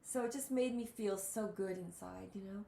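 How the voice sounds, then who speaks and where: A woman hosting a talk show, telling stories in an animated way with lots of exclamations. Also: medium pitch, normal speed, creaky, reverberant, rough recording. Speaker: host. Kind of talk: casual storytelling chat.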